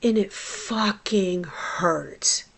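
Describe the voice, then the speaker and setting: A woman in her forties, a hypnotherapist, telling a personal story in a vlog, blunt and profane, dropping to low mutters and then flaring into loud outbursts. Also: very slow, gravelly.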